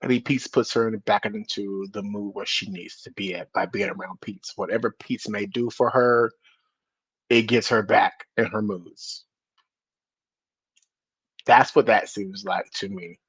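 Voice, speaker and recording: A man's voice: on the low side, fairly even intonation, measured pace, a bit bright, slightly rough, dry recording. A man giving casual reaction commentary, blunt and exasperated, with some swearing.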